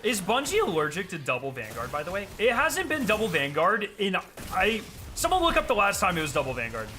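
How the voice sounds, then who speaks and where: Excitable, bright-voiced male game streamer. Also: high-pitched, brisk, a little hiss or hum. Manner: excitable, profane, slangy. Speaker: gaming streamer. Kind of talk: casual chat over gameplay.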